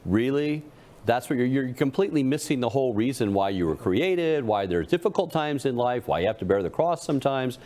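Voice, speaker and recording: A man's voice: medium pitch, expressive, brisk, mellow. A man co-hosting a panel talk, telling a folksy joke and acting out its characters. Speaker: co-host. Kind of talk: casual panel talk with storytelling.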